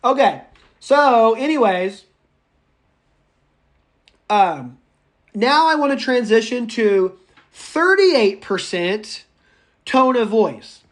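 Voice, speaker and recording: Man, teacher lecturing a class, chatty, animated, wanders off on tangents. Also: very high-pitched, drawn-out words, pauses often. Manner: chatty and animated, addresses students by name; goes off on tangents. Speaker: public speaking teacher.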